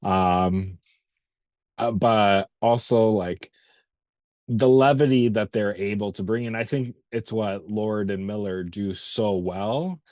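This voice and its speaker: A man with a fairly low voice talks through his favorite movie moments in relaxed podcast chat. He often breaks into laughter and swears casually. His sound is dry and close to the mic. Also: slow pace, no echo. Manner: laughs while retelling scenes, casual swearing. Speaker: podcast co-host.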